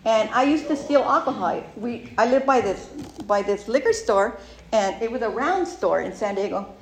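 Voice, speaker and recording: A woman's voice: on the high side, lively intonation, moderate pace. A middle-aged woman giving a candid, rambling personal recovery share, with many fillers and asides.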